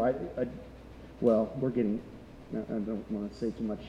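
A man's voice: medium pitch, sing-song, moderate pace, dull audio. A middle-aged man preaching a sermon as pastor, conversational and full of rhetorical questions. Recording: echoey hall.

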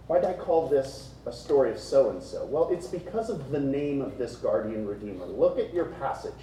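A man preaches with a deep, mellow voice that swings lively up and down as he talks the congregation through the passage. He keeps it conversational, tossing out rhetorical questions. The sound is very echoey, with the speaker set back from the mic. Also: normal speed, far from the mic, a little hiss or hum. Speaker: pastor. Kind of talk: expository sermon.

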